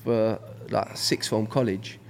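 A man's voice: lowish voice, fairly even intonation, slow, creaky, slight background noise. A man, hosting a casual podcast chat, talking in a rambling way with lots of fillers and restarts. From England. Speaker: podcast host.

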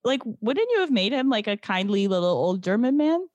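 Sarcastic woman with a lively voice. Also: mid-range voice, brisk, no room sound, dull audio. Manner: sarcastic, swears, acts out characters' lines. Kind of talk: casual chat recapping a movie.

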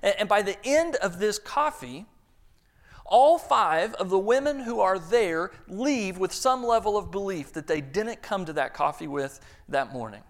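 Male preacher, earnest sermon story, gravelly, slightly high voice. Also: animated, measured pace.

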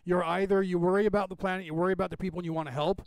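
High gravelly-voiced middle-aged man. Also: racing. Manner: rambling, swears freely, animated storyteller. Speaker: podcast co-host. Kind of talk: casual chat.

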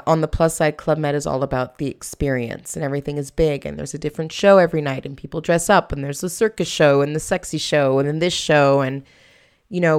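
A young woman from Quebec, a comedian guest telling animated stories in a casual interview and acting out other people's voices. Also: low-pitched, clean tone.

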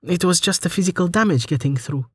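A man voicing a sharp, quick-thinking young woman healer in an audiobook, speaking quickly and eagerly. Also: high voice, breathy edge, dry recording, clean studio sound, voice pushed up.

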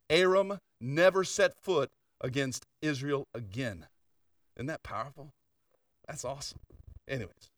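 A man's voice: a little high, a bit bright, no room sound, clean studio sound, far from the mic. An older man preaching a sermon in a conversational storytelling way, full of asides and questions to the congregation. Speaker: pastor.

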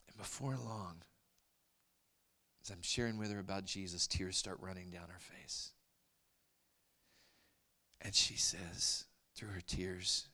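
A man preaching a sermon, telling a story in an earnest, soft-spoken way that sinks to a near whisper at tender moments. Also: low voice, fairly even intonation, unhurried, pauses often. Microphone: handheld mic, later set aside to talk loud off-mic.

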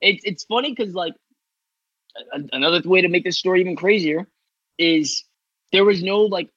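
A man's voice: high-pitched, normal speed, a bit bright, slightly rough, dry recording, muffled recording. A man from New York telling a long, rambling story in casual podcast talk, full of cursing, fillers and restarts. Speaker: guest rider telling his story.

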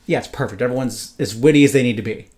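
A man's voice: medium pitch, fast, darkish tone. A man co-hosting a casual book podcast, talking enthusiastically and rambling, with frequent "like" and "you know". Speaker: podcast co-host.

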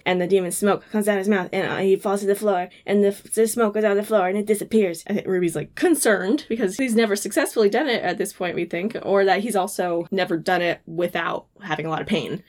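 A woman's voice: medium pitch, quick pace, hardly any pauses, darkish tone. A woman co-hosting a podcast, casually recapping an episode, acting out the characters' lines and laughing often. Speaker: podcast co-host.

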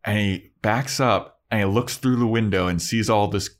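A man's voice: lowish voice, moderate pace. A man co-hosting a podcast, chatting casually and slangily while recapping an episode. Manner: laid-back, slangy. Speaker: podcast co-host.

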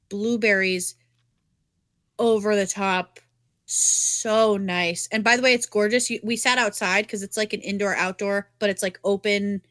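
A young woman, co-hosting a podcast and telling stories in casual chat, swearing freely and animated. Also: mid-range voice, no room sound. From New England. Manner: animated, swearing storyteller with many fillers. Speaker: podcast co-host.

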